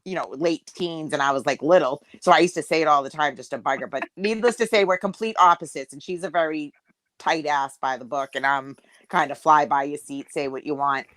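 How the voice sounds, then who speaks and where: She's a middle-aged woman from Massachusetts running a casual group video chat, a joking storyteller who keeps breaking into laughter. Her deep voice moves a little fast, and the video-call recording has no echo.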